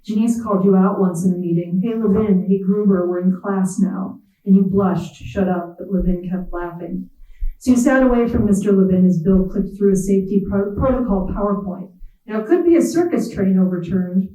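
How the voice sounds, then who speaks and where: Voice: mid-range voice, a little fast, warm tone, far from the mic. Writer reading aloud in a roomy hall. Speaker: visiting writer. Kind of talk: literary reading in second person.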